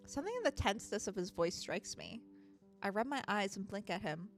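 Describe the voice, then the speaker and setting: A woman's voice: mid-range voice, lively intonation, brisk, fairly bright tone, faint music behind. A woman streaming a game, chatting casually, swearing freely and laughing often. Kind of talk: casual gaming commentary.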